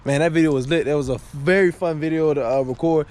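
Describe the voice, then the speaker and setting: A man's voice: fairly high pitch, fairly even intonation, quick pace, a little mellow. A man chatting casually to his viewers, laid-back and slangy, rambling with fillers, recorded outdoors by his car and then inside it. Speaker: car vlogger. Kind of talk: casual vlog chat. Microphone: handheld camera. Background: car engine and street noise.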